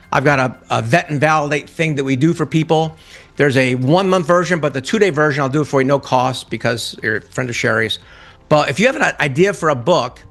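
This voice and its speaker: A man's voice: mid-range voice, gravelly, a bit bright. A middle-aged man chatting as a podcast guest, enthusiastic and motivational, laughing easily. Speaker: podcast guest, publishing founder. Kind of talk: casual interview chat.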